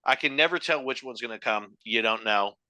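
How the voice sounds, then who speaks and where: A young adult man co-hosting a podcast in casual chat, animated and jokey, swearing freely. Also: medium pitch, fairly quick, no room sound. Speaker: podcast co-host.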